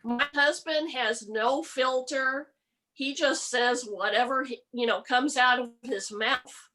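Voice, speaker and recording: A middle-aged woman doing a stand-up comedy set with a deadpan delivery. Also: sits high, low-quality recording. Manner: slow deadpan delivery with mocking put-on voices. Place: home, virtual comedy show.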